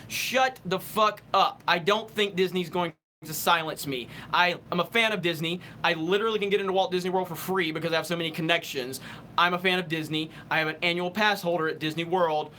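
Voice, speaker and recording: A man's voice: high-pitched, sharp tone, a little hiss or hum. A young man hosting a live stream, answering super chats in a heated, profane rant and stumbling over restarts while he thinks.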